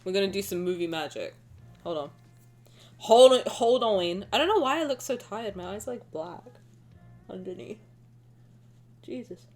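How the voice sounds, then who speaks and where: A woman's voice: medium pitch, very animated, moderate pace, long pauses, faint music behind. A woman streamer in casual live-stream chat, talking in a frantic, rambling, self-mocking way.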